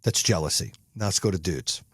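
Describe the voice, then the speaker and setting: Profane, animated motivational podcast man. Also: fairly quick, slightly rough, dry recording, clean studio sound. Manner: profane, emphatic, gets loud and high when excited. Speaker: podcast host. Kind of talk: motivational monologue.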